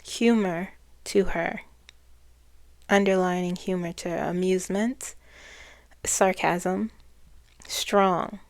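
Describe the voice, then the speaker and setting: Woman psychic, unhurried casual monologue, rambling and self-correcting. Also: on the low side, steady tone. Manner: rambling, trailing off and restarting phrases. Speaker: psychic channeler.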